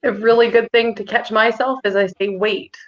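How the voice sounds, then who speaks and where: Higher-voiced woman co-host, muffled audio. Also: steady tone, brisk. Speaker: podcast co-host. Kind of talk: casual chat.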